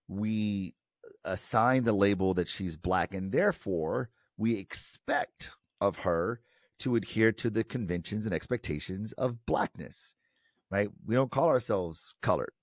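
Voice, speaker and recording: Animated low-voiced American man. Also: no echo, clean studio sound. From Detroit, United States. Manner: animated, acts out quoted voices. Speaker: guest, professor and author. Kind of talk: conversational interview.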